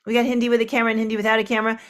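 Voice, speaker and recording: A woman's voice: fairly high pitch, completely flat delivery, racing. A woman hosting an online group singing session, greeting participants one by one over a video call with chatty asides. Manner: chatty, warm roll call with small asides. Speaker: host of an online group sing.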